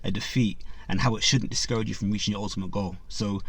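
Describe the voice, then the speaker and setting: A man's voice: lowish voice, steady tone, fast, a bit bright, breathy edge, no room sound. A man hosting a boxing channel, casually retelling a story with lots of fillers, briefly acting out the people in it and turning to talk to his viewers. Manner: retells a story with many fillers, acts out quotes, addresses viewers.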